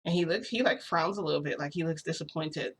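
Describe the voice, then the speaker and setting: A woman's voice: deep voice, fast talker, a little hiss or hum. Woman vlogger, chatty rambling storyteller, casual and unscripted. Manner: chatty, rambling, many fillers.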